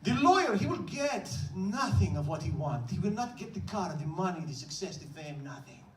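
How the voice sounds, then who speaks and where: A man voicing a young, skinny Egyptian store clerk with a heavy accent, speaking slowly and solemnly like a sage. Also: high-pitched, very animated, soft background music. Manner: slow, solemn, prophetic. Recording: echoey stage from far off.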